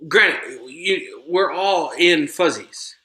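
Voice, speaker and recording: A man's voice: on the high side, expressive, drawn-out words, sharp tone. A man from the United States, a podcast guest, telling blunt, profane stories in casual chat. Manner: blunt, emphatic storyteller.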